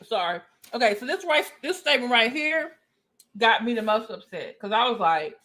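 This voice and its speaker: A woman hosting a casual reaction commentary, chatting with viewers. Her voice sits a little high. She stops to read definitions aloud. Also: big pitch swings, normal speed, pushed and bright. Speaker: commentary vlogger.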